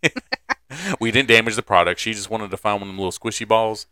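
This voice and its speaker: A man's voice: on the low side, expressive, quick pace, pushed and bright, dry recording. A young man co-hosting a podcast, chatting casually, joking crudely and laughing often. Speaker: podcast co-host. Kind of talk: casual chat.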